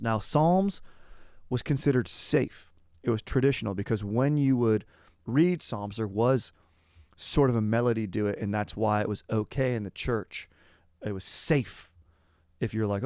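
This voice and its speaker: Slangy, laid-back young man, low voice. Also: normal speed, darkish tone, dry recording, studio quality. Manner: slangy and laid-back, says "dude" constantly, wanders off topic. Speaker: podcast host. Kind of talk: rambling casual history chat.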